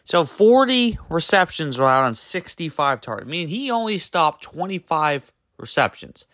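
A man hosting his own sports podcast, ranting in an exasperated, emphatic way, full of rhetorical questions and quick self-corrections. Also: on the high side, big pitch swings, fairly bright tone, no room sound, studio quality. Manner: loose and rambling, trips over words and self-corrects. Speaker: podcast host. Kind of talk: solo sports podcast rant.

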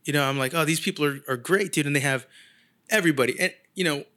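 Dude telling a story, kinda high voice, does little voices for people, swears a lot. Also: male voice, fast. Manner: animated, acts out quoted people, swears casually. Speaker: guest artist. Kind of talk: casual storytelling chat.

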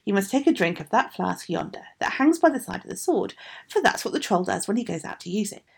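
A woman voicing a young princess who warns the hero in a high, urgent voice. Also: big pitch swings, fairly quick, vocal fry, slightly rough, heavily acted. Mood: earnest. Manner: high, breathless warnings.

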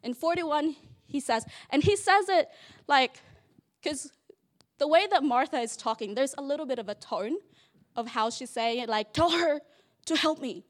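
High-voiced chatty woman teaching Bible study. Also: moderate pace. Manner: chatty, playful, many "like" fillers. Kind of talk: casual Bible study talk.

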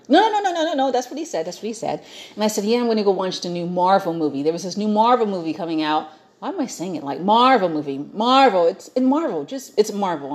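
A young woman chatting casually, telling an animated story and quoting herself and others along the way. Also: mid-range voice.

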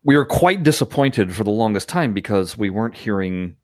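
A man's voice: on the low side, lively intonation, a little fast, darkish tone, no room sound, studio quality. An American man telling rambling stories in casual podcast chat, laughing often. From United States.

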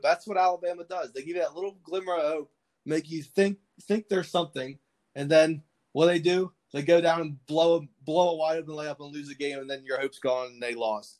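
A man's voice: on the high side, a little mellow. A man co-hosting a casual sports podcast, talking wryly and laid-back, with casual swearing. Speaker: podcast co-host.

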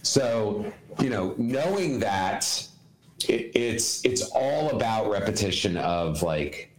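A man's voice: lowish voice, lively intonation, takes it slowly, reverberant, a little hiss or hum, low-quality recording. A man co-hosting a casual podcast chat, earnestly explaining parenting advice as an educator and repeating points for emphasis.

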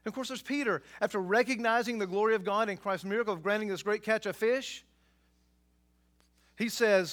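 A man preaching a sermon, swinging between quiet asides and loud, emphatic passages. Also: sits high, fairly quick. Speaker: pastor.

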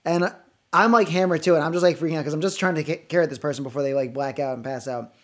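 A man's voice: on the high side, quick pace. A man co-hosting a podcast, telling a long, rambling, profanity-laced story in casual chat. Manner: animated, swearing, rambling anecdotes. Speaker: podcast co-host.

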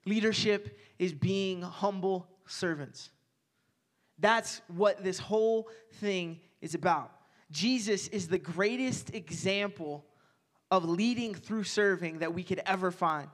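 A young man giving a casual, energetic sermon as a youth pastor, joking aside and repeating phrases. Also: high-pitched, slow.

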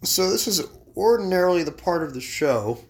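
A man's voice: high voice, animated, normal speed. A man hosting a podcast in a home library, talking in a playfully formal, storytelling way. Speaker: podcast host. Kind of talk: casual podcast chat.

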